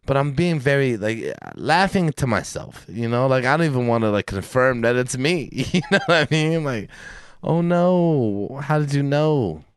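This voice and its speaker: A man's voice: mid-range voice, animated, normal speed, hardly any pauses, clear, resonant tone, dry recording. Man telling a rambling, profane story. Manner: profane, rambling storyteller who acts out quotes. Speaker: podcast co-host. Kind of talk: casual chat.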